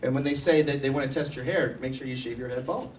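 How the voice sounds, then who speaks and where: A man's voice: mid-range voice, fast talker. A man giving a blunt, sardonic live speech to students in a university hall. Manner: sardonic, blunt, acts out mock quotes. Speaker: guest speaker. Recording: distant mic, faint hiss.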